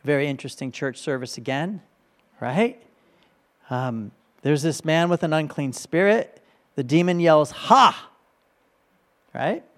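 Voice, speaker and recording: A male pastor preaches in a relaxed, conversational way, working through a passage and checking in with his listeners. His voice sits a little higher than most men's, and he often tags his points with a quick "right?". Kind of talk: sermon.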